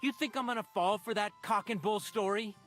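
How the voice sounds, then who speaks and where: An actor voicing a scornful, mocking village bully in a video game. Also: male voice, sits high, fairly quick, a bit bright, soft background music. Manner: mocking, taunting. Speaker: game character.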